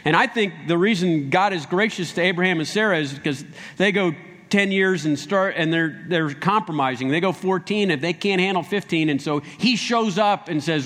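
A pastor preaching with a fairly high, bright voice that carries through a big hall with a long echo. He tells the story with animation, slipping into the voices of the people in it. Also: moderate pace. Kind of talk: sermon.

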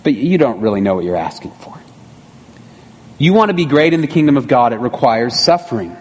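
A man's voice: mid-range voice, very animated, brisk, husky. A middle-aged male pastor preaching a sermon in a conversational way, with rhetorical asides to the congregation. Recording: long reverb of a church hall.

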